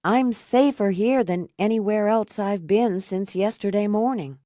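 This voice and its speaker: A frightened, worn-out young woman, as a narrator voices her in an audiobook, tense and shaky in her speech. Her voice is dark and mellow, recorded close and dry. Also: a little slow, dry recording, close to an everyday voice. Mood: weary. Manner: tense and tremulous, lifting higher. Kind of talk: audiobook character voice.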